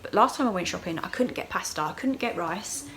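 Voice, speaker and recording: A woman's voice: fairly low pitch, expressive, a little fast, fairly bright tone, slight background noise. A woman chatting casually to the camera in a video diary while gardening outdoors. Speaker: vlogger.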